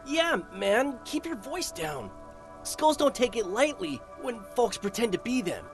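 A woman doing a hushed whiny young punk. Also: on the high side, sing-song, unhurried, faint music behind, pitched above the performer's own voice. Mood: anxious. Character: anxious young male punk sidekick.

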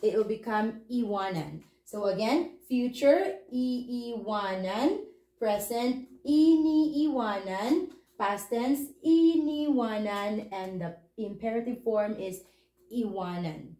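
Slow, patient woman teaching a language. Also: mid-range voice, dark tone, reverberant, poor audio. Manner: patient, spells out words slowly and repeats them. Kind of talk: slow, explanatory grammar lesson.

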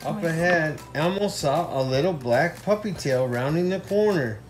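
A man's voice: fairly high pitch, expressive, moderate pace, over loud music. A man reading a children's storybook aloud to his kids at bedtime, playful and teasing, with joking asides.

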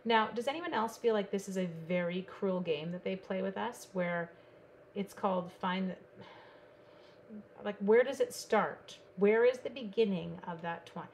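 A woman's voice: mid-range voice, measured pace, a little mellow, a little hiss or hum. Bubbly chatty woman crafting live. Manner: chatty, bubbly, talks to viewers while working. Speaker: card-making demonstrator. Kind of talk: live online crafting stream.

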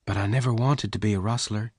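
A man voicing a gentle, sad young woman who speaks softly and pleads. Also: fairly low pitch, steady tone, fast talker, breathy edge, dry recording, clean studio sound. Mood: wistful. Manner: raised, soft pleading voice.

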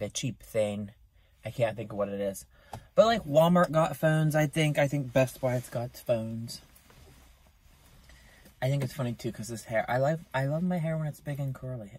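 A young man talking casually into his phone camera in a vlog, chatty and self-mocking, with his voice jumping up in pitch. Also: darkish tone. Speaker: vlogger. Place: in a car outside a store.

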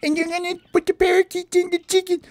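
A man voicing a frantic little parakeet in toy play, squeaky, shrill and excitable. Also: slow pace, creaky, full character voice. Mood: panicked.

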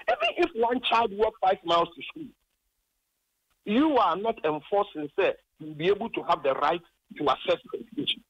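A man's voice: high-pitched, very animated, normal speed, a bit bright, breathy edge, dull audio. A Ghanaian man, a former district chief executive, calls in to a radio program and complains at length, impassioned and indignant as he retells his arguments.

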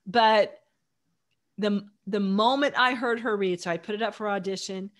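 Chatty woman author on a livestream, keeps going in long run-ons, sounds excited. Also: mid-range voice. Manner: chatty, enthusiastic, rapid run-on sentences. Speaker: author guest. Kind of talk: casual chat.

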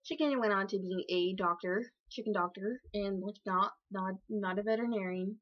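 A woman rambles through a made-up story in a middle-pitched voice, piling up fillers, correcting herself and swearing as she goes. The audio sounds slightly dull and lo-fi. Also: moderate pace. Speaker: vlogger telling a made-up story.

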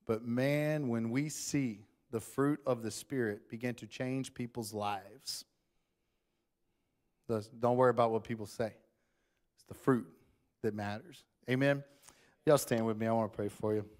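A man's voice: medium pitch, fairly even intonation, a little slow, long pauses, a little mellow. A man preaching a sermon in church, talking conversationally to the congregation and closing in prayer. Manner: conversational Southern-style preaching, addresses crowd as y'all.

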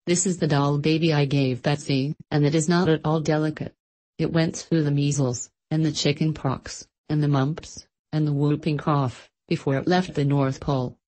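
A woman reading aloud, voicing an old male Santa Claus who speaks in a slow, commanding and hearty way. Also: low-pitched, fairly even intonation, a little mellow, natural voice.

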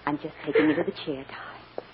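A woman playing a devoted mother who softly soothes and coaxes her child, in 1940s radio acting on a dull old radio recording with hiss. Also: deep voice, little pitch movement, fast talker, lightly acted. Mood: soothing. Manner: soft, soothing, coaxing.

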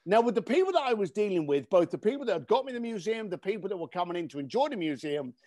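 A man telling an emphatic story as a podcast guest, animated and casually swearing. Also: sits high, fast talker, no room sound, studio quality. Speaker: podcast guest, speaker and coach.

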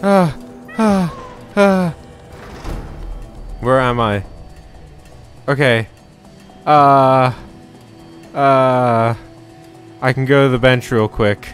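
A man casually commentating a game as he plays, reacting out loud and chatting to his viewers. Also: mid-range voice, fairly even intonation, very slow, long pauses, soft background music. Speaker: game streamer. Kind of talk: casual let's-play commentary.

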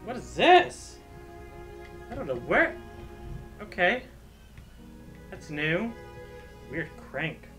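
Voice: medium pitch, very animated, drawn-out words, long pauses, a bit bright, faint music behind. A gaming streamer giving jumpy, joking commentary on a horror game. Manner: jumpy, exclaiming, joking at the screen. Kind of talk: let's play commentary.

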